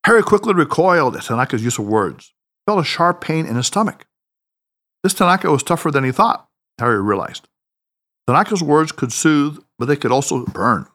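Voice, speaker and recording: A man narrating an audiobook story in an expressive, dramatic reading style. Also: a little high, normal speed.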